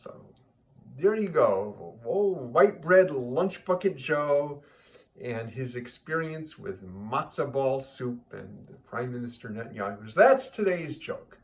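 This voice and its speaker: A man telling a joke in a relaxed, rambling way, full of fillers. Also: medium pitch, slow, a little hiss or hum. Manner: rambling, chatty, many fillers. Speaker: joke teller.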